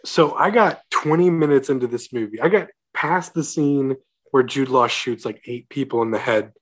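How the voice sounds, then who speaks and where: A man's voice: medium pitch, moderate pace. A young man co-hosting a casual movie chat, sarcastic and incredulous as he picks a film apart. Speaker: podcast co-host.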